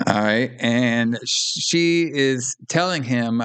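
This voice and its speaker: A man's voice: mid-range voice, slow pace, hardly any pauses, clean tone. A man co-hosting a podcast, casually retelling a film's plot and acting out the characters' lines. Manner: animated retelling, acts out lines, swears. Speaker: podcast co-host. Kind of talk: casual film recap chat.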